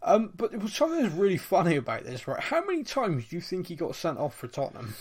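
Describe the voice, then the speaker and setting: A man co-hosting a casual podcast chat, animated and laughing, slipping into quick mock voices. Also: high voice, crowd noise. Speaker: podcast co-host.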